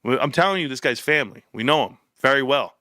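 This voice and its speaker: A man hosting a live stream, telling stories in an animated, slangy, emphatic way. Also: mid-range voice, fast talker, no echo, studio quality. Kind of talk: casual live-stream chat.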